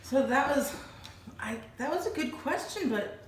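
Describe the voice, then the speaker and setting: A middle-aged woman co-hosting a casual chat, giggly and quick to react. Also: high-pitched, animated. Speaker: co-host. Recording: echoey room, distant mic, light noise.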